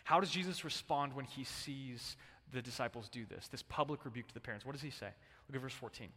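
A man's voice: medium pitch, fast, breathy edge, in a large hall. A male pastor preaching a sermon in a casual, conversational way, calling on the congregation to answer back. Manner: conversational, animated, prompts congregation to respond. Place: church sanctuary.

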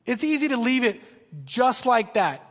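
Guy preaching to a church crowd, pretty high voice, chatty and jokey, long echo off the hall. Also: measured pace. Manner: energetic, joking, conversational preaching. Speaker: student pastor. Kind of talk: sermon. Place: large church auditorium.

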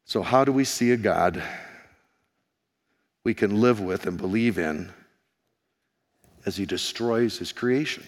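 A man preaching a sermon as pastor, hoarse, animated and firing questions at his congregation. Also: fairly low pitch, slow pace, long pauses. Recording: long reverb of a large hall.

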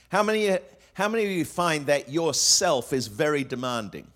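A man's voice: on the high side, sing-song, moderate pace, few pauses, a bit bright. A man preaching a sermon to a congregation, asking rhetorical questions and weaving in quotes, with frequent fillers and restarts. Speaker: pastor.

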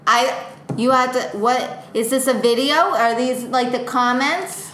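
A woman playing an anxious, doting mother in an improvised comedy scene, fussing and breaking into sudden high-pitched outbursts. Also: measured pace, a bit bright, echoey room, a little hiss or hum. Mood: indignant. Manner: fretful, fussing, exclaims in sudden high bursts. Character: doting, anxious middle-aged mother, easily upset.

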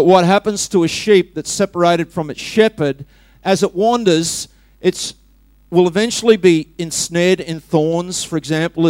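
Male preacher, high voice, dry close sound, story-driven and funny sermon delivery. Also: no room sound. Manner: humorous, storytelling, talks directly to the congregation.

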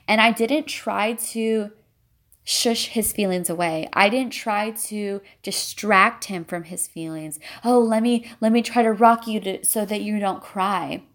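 A mother shares her own story in an earnest, reflective monologue. Her voice sits at a middling pitch with a noticeable gravelly fry, and she links her thoughts with frequent "and so"s. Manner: earnest and reflective, often starting with "and so". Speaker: mother sharing parenting experience.

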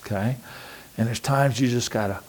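Animated conversational male preacher. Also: mid-range voice, normal speed. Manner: conversational and animated, acting out inner voices. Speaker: pastor. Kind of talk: sermon.

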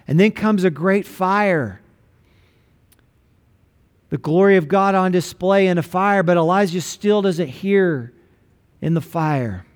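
A pastor delivering a sermon in a fairly high male voice. He preaches with emphasis, drawing out his most important lines.

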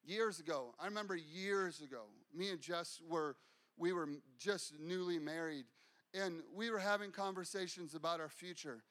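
A man's voice: fairly high pitch, normal speed, fairly bright tone. A man preaching a sermon as pastor, fervent and repeating phrases for emphasis.

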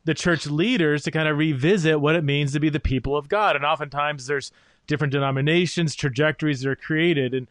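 A man's voice: on the high side, brisk, a bit bright, dry recording. A man hosting a podcast, talking through ideas in a thoughtful, searching way with many fillers. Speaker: podcast host. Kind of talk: interview conversation.

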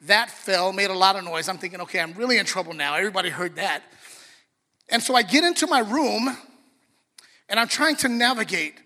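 Middle-aged preacher guy, high bright voice, storytelling sermon, big echoey church. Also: normal speed, long pauses. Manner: storytelling, animated, addresses the congregation. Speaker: pastor. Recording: long hall reverb.

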